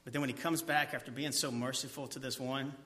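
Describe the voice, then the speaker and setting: Bright-toned guy preaching, reads a verse then asks the room and answers himself, goes soft and quiet on the big points. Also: fairly even intonation, fast. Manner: drops to a soft low voice on key points. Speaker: pastor. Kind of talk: expository sermon.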